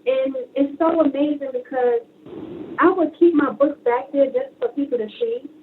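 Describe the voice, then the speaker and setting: A woman's voice: sits high, moderate pace. A woman from Brooklyn, New York, a guest author telling her stories in a phoned-in radio interview, acting out the voices in them. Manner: animated storyteller who acts out dialogue. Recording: tinny phone line with faint hiss.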